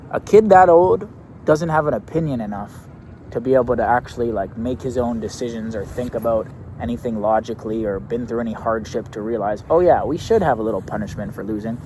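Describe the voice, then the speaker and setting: A brash young man rants through a casual story, swaggering and swearing freely. His voice sits at an ordinary pitch, with faint traffic noise in the background outdoors. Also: a little mellow. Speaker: youth basketball coach.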